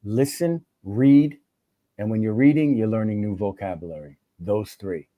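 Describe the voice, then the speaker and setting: Animated man from New York. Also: fairly low pitch, normal speed, no echo, narrow, tinny audio. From New York, USA. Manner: animated, acts out conversations, frequent restarts. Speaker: guest, English teacher. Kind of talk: casual livestream chat.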